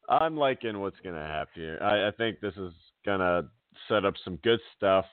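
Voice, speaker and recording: A man co-hosting a casual wrestling chat, talking in an animated, rambling way and laughing often. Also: lowish voice, clear, resonant tone, no room sound. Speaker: podcast co-host. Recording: dry, phone-like audio.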